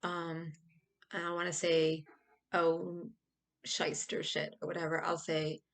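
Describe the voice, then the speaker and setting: Rambling through a casual explainer on her own video, a woman acts out silly examples to make her points. Her voice is low-ish, monotone, and slow.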